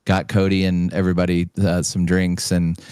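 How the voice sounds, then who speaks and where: In a clean, studio-quality recording free of room sound, a man with a low-sitting voice hosts a podcast at normal speed. He spins a story in casual chat, bringing its characters to life by performing their voices with animation.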